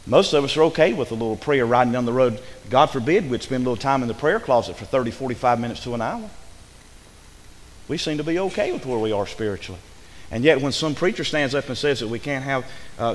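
A man preaching a sermon, asking his congregation rhetorical questions with rising fervor. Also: mid-range voice. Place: church. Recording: long hall reverb.

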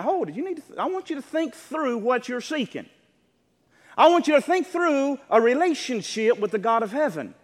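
A man preaching a sermon as pastor of his church, emphatic and building to near shouts. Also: extremely high pitch. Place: church sanctuary. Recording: long church reverb.

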